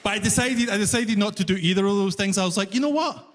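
A Glaswegian stand-up comedian with a somewhat high voice performs a set on a large concert hall stage, where the live hall reverb echoes heavily. He talks quickly and tells stories with animation, acting out both sides of each exchange.

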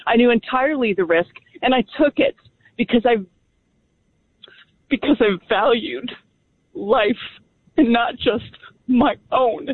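A woman calling in to a radio show, speaking firmly and with deep conviction. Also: measured pace, pauses often, breathy edge, dry recording. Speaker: caller. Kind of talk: call-in talk radio. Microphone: telephone. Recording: tinny phone line.

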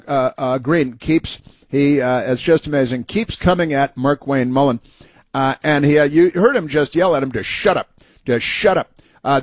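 A man's voice: mid-range voice, dry recording. Heated, mocking male talk host. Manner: heated, mocking, rambling with many fillers. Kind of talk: opinion commentary.

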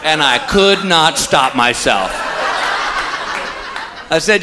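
A man doing a stand-up comedy routine, telling stories and landing punchlines in an animated way. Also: on the high side, slow pace, background noise. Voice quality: animated storyteller, punchline delivery. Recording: live club, loud audience. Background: crowd laughter.

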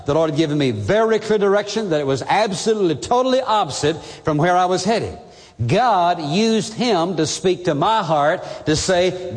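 A man's voice: a little high, long reverb tail. A man preaching a sermon as pastor, speaking earnestly and directly to the listener.

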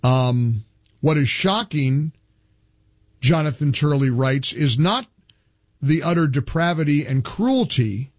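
A man's voice: on the high side, lively intonation, slow pace, no room sound. A male talk show host giving emphatic opinion commentary, reading from articles and building into indignant outbursts.

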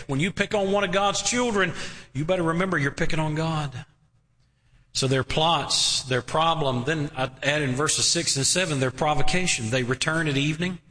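A man's voice: on the high side, bright, forceful tone. A man preaching an emphatic sermon in a church, asking his listeners rhetorical questions. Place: church sanctuary. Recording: long hall reverb.

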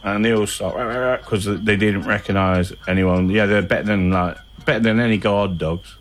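Deep-voiced man telling stories. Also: normal speed, a little hiss or hum. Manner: rambling, animated anecdotes with acted-out quotes. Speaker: interviewee. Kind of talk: casual storytelling.

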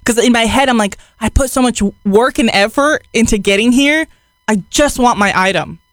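A woman co-hosting a chat show, telling an animated story and laughing often. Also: fairly high pitch, normal speed, no room sound, clean studio sound.

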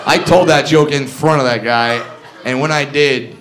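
A man's voice: medium pitch, fairly even intonation, normal speed, fairly bright tone. A man doing a crude, brash stand-up comedy set on a stage, acting out bits of dialogue. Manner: brash, crude, builds jokes with acted-out dialogue. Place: comedy stage with live audience.

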